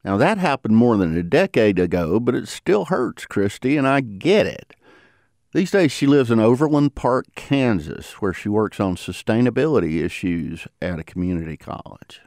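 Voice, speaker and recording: A man hosting a podcast, narrating in a lively, conversational storytelling manner. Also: fairly low pitch, normal speed, no echo, clean studio sound. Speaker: podcast host. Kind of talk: scripted narration.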